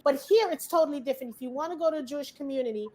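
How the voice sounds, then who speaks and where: A woman from Brooklyn, hosting a casual discussion and telling stories in a lively, colloquial way. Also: high-pitched, rapid-fire, a little hiss or hum. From Brooklyn, New York. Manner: animated storytelling, acts out dialogue, colloquial.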